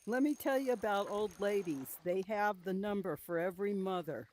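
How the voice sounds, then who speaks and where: A woman's voice: mid-range voice, moderate pace, a little mellow, slight background noise. An older woman chatting casually while playing a fishing game, teasing and scolding her friends in jest. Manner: dry teasing, bossy old-lady scolding in jest. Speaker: fellow player. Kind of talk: casual gaming voice chat.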